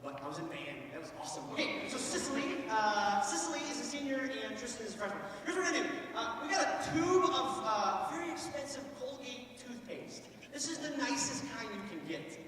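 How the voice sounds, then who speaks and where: A man's voice: very high voice, fairly quick, hardly any pauses, distant mic. Man speaking in an echoey school hall. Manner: joking, sarcastic, animated with the crowd. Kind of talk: motivational school talk. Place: school gym or auditorium.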